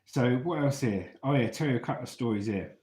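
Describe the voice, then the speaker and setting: A man's voice: medium pitch, animated, fairly quick, darkish tone, reverberant. A man from England, telling stories casually in a chatty, laddish way and swearing freely. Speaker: storyteller host. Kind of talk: casual storytelling.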